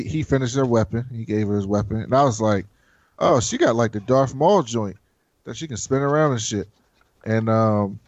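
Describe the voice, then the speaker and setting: A man hosting a casual chat, recapping a show in a profane, animated way and acting out the characters' lines. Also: medium pitch, no room sound, highs cut off. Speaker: podcast host.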